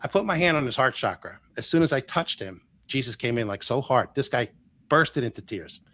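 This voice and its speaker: A man guest in an interview, telling stories in a lively way, acting out the dialogue and laughing often. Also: medium pitch, a little fast. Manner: animated storyteller who acts out dialogue and laughs often. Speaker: energy healer guest. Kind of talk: storytelling interview.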